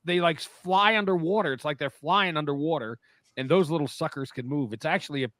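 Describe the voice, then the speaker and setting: On the radio, a middle-aged New Jersey man chats casually, spinning long, rambling stories that he keeps interrupting and restarting. His fairly high, fairly bright voice moves quickly and is recorded close and dry, with no echo.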